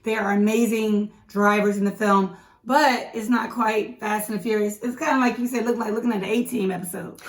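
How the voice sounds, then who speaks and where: A woman co-hosting a casual movie review, talking in a chatty, animated way with quick asides. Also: mid-range voice. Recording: echoey room, mic at a distance.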